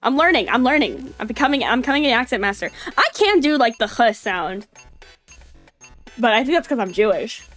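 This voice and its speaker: A woman's voice: a little high, lively intonation, fairly quick, fairly bright tone, faint music behind. A woman streamer chatting casually while reacting to a video, rambling with lots of filler words. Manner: rambling, lots of "like", self-mocking.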